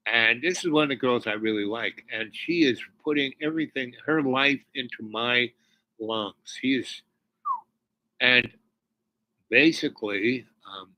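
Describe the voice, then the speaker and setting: Man telling a halting, rambling personal story. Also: mid-range voice, bright, forceful tone, low-quality recording. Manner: rambling, halting, restarts, drops to near whispers when moved. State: tearful near the end. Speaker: spiritual storyteller.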